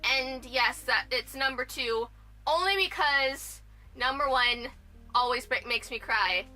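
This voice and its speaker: A woman's voice: high voice, slow, bright, forceful tone, faint music behind. A young woman talking casually in a vlog, rambling and restarting with lots of fillers. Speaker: vlogger.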